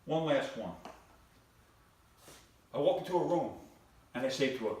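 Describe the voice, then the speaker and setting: An older man telling stand-up jokes on a club stage, in deadpan storytelling with repeated phrases. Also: medium pitch, normal speed, pauses often. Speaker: stand-up comedian. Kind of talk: stand-up comedy routine. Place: comedy club stage before a live audience. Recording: very echoey room from a distant mic.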